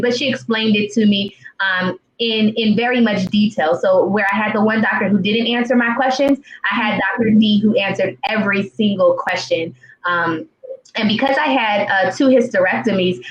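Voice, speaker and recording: A woman's voice: mid-range voice, dull audio, a little hiss or hum. Earnest woman in her thirties, roomy live-stream audio. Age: 30s. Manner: earnest, heartfelt storytelling with many fillers and restarts. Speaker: patient sharing her story as a guest. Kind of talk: personal story in a live-stream interview. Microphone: video call.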